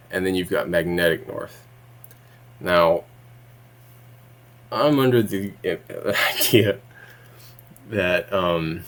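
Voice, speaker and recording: Casual vlogger, male, low voice, meandering delivery, laughs mid-sentence, swears when irritated. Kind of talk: rambling casual monologue.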